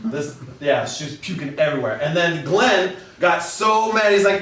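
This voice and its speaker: A man with a fairly high voice rambles through an absurd improvised story, often breaking into laughs. He is heard from well back off the mic in a very echoey room. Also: moderate pace, hardly any pauses, fairly bright tone, far from the mic. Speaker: comedian. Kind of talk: improvised comic slide-show story.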